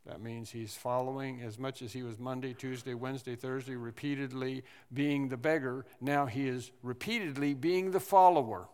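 A man preaching a sermon, animated, repeating phrases and acting out the people in the story. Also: medium pitch, moderate pace, hardly any pauses, smooth. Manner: animated preaching with repetitions and acted-out quotes. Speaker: pastor. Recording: long hall reverb.

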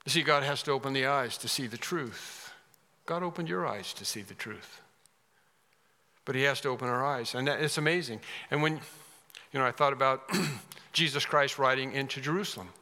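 A man's voice: medium pitch, normal speed, sharp tone. A man preaching a sermon, speaking emphatically and repeating phrases for effect. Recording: long hall reverb.

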